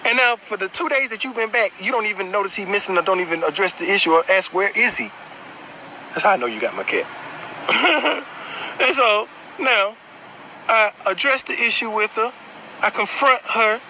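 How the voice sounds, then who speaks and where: A man telling his own story in a blunt, animated way, swearing freely. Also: sits high, fairly quick, slight background noise, poor audio. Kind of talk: casual storytelling.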